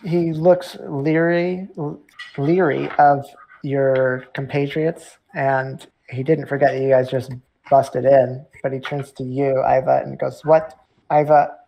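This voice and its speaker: A game master running a tabletop game, with a gravelly, darkish voice that pauses often on fillers. They read out rules and describe the scene in a plain, casual way. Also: mid-range voice, flat delivery, warm tone, low-quality recording. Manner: halting, lots of fillers.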